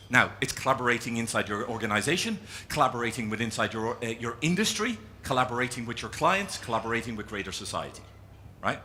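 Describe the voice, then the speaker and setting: An Irish man speaks to a conference audience, his voice swinging high and low as he tells stories. The tone is very bright and cutting. A faint hum of the room sits behind him. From Ireland. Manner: animated storyteller, drawing as he speaks. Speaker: keynote speaker. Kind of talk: live talk to an audience.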